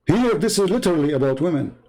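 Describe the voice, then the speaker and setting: Gravelly man preaching with scorn. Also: on the high side, animated, quick pace, warm tone, rough recording. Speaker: Christian debate livestream host. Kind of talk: heated debate monologue.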